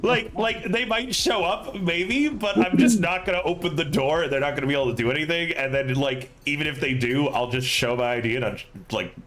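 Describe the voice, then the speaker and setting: A man with a slightly higher-than-usual voice hosts a tabletop game stream. He rambles through a story in a casual chat style, padding it with fillers and breaking into laughs. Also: brisk, few pauses, crowd noise, low-quality recording. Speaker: game master and stream host.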